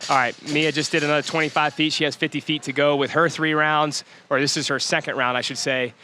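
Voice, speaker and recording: Bright-voiced man doing gym commentary. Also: a little high, quick pace, slight background noise. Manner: energetic, chatty, laughs often. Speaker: workout commentator. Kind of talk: live workout commentary.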